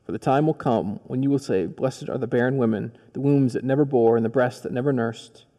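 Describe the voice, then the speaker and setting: Man voicing a quiet, grave Jesus, hushed and soft, long hall reverb. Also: medium pitch, a little fast, lightly acted. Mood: solemn. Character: solemn, gentle male Jesus figure.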